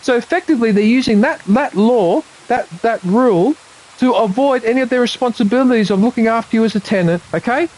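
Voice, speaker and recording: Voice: mid-range voice, brisk, darkish tone, poor audio. Swearing, indignant Australian vlogger. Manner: indignant, swearing often, repeating points. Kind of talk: angry monologue to camera.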